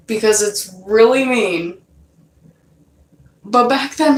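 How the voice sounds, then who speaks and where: A woman's voice: fairly high pitch, slow pace, pauses often, a bit bright. A young woman telling a dream story in a loose, casual way, swearing often and leaning on fillers. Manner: loose and profane, many fillers. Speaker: vlogger. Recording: roomy, from a distance off mic.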